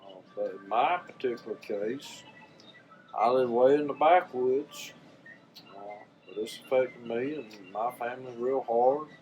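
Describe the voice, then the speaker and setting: The speaker is an older man with a Southern US accent, medium pitch, darkish tone, and a measured pace, recorded poorly with slight background noise. This vlogger talks casually and sincerely to his viewers, rambling in a folksy style and frequently echoing his own words.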